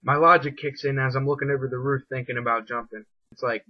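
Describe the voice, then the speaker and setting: A man's voice: medium pitch, steady tone, fast, no echo. A young man casually telling a personal story in a reflective, rambling way. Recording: dull lo-fi dry recording.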